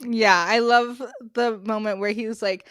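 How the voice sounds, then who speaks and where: A woman's voice: on the high side, steady tone, a little slow, a bit bright, dry recording, clean studio sound. A young woman co-hosting a podcast in casual chat, gushing and laughing often as she talks. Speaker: podcast co-host.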